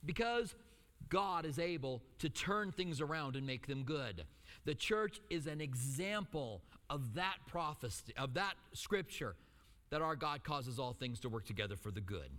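A middle-aged male pastor preaching a sermon, telling stories with lively asides and acting out the quotes. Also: a little high, normal speed, big-room sound. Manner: animated storytelling with acted-out quotes and asides.

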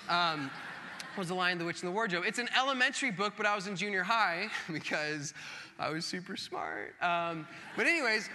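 A man in his thirties, a pastor telling a self-mocking story in a sermon, animated and acting out the voices of others. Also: sits high, a little hiss or hum. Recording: long hall reverb.

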